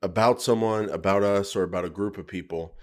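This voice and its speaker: Low-voiced, playful male podcast co-host. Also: brisk. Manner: playful and teasing, explains things at length. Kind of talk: casual chat.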